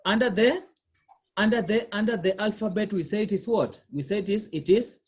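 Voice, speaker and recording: A woman's voice: medium pitch, fairly quick, husky. A woman tutoring a learner one-on-one, patiently repeating questions and quizzing the learner as she explains. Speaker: language tutor. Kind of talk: one-on-one lesson.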